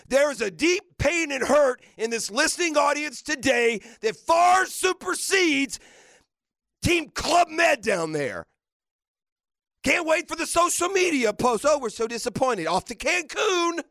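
Radio guy going off, high gravelly voice, all over the place pitch-wise, dry studio sound. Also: no echo. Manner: fiery, mocking, shouting bursts. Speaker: sports radio host. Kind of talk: heated sports radio rant.

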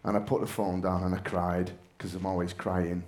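A man's voice: sits low, flat delivery, moderate pace, a little mellow. A middle-aged man with a Manchester accent, an actor chatting as an interview guest, telling stories in a self-mocking way with frequent laughs. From England. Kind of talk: casual storytelling interview.

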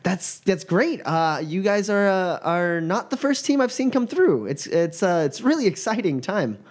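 A man's voice: high voice, sing-song, normal speed, voice pushed up. A man voicing a nervous, stammering young satyr woman student, eager and polite.

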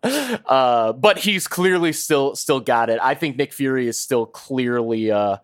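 A man's voice: mid-range voice, lively intonation, a little slow. A man co-hosting a podcast, laid-back and hesitant, trailing off and restarting his thoughts. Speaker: podcast co-host. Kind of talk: casual chat.

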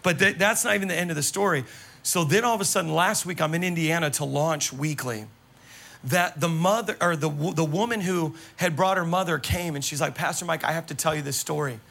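At a church service, a male pastor preaches with animated, exclamatory storytelling. His slightly high voice is bright, forceful, and brisk, with gravelly vocal fry running through it.

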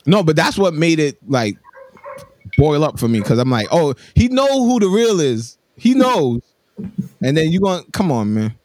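Animated, loose-talking man co-host. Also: a little high, moderate pace, dry recording, clean studio sound. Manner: animated, swears freely, repeats himself. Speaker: podcast co-host. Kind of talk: casual chat.

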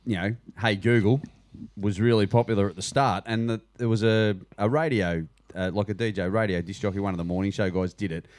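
A man in casual banter, chatty and full of quick jokes. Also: lowish voice, fairly even intonation, darkish tone, no room sound. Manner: joking, chatty, quick asides.

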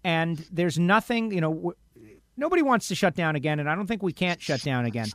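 On a talk radio show, a man upset by bad news gives an impassioned, rambling opinion, emotional and emphatic. His voice is high and lively in intonation, a little fast and fairly bright, and he acts out other people's lines. The recording is dry.

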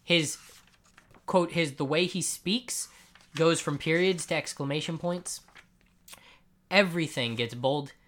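A man hosting a casual comic book chat, recapping scenes in an animated way and acting out the characters, with frequent swearing and jokes. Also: on the high side, measured pace, pauses often. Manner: animated storyteller who acts out scenes; profane, joking. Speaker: comic book podcast co-host.

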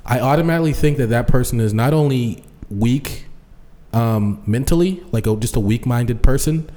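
A man's voice: mid-range voice, normal speed, dark tone. A man co-hosting a podcast, talking bluntly and emphatically in casual conversation. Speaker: podcast co-host. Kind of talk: casual chat.

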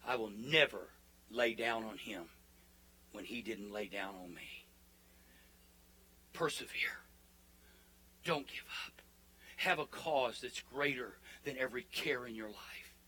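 A man preaching a sermon as pastor, building to fervent declarations and dropping into soft, hushed prayer. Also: on the low side, a little slow, breathy edge, rough recording.

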